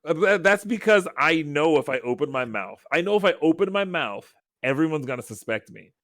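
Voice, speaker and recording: Animated, lively-voiced male podcast co-host. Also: fairly high pitch, a little fast, dry recording, clean studio sound. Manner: animated storyteller who acts out quoted lines. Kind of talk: casual chat.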